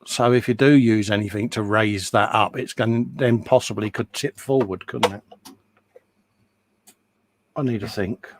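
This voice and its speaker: A man's voice: lowish voice, steady tone, moderate pace, long pauses, background noise. A man hosting a casual chat while building a model, teasing and bantering. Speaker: host.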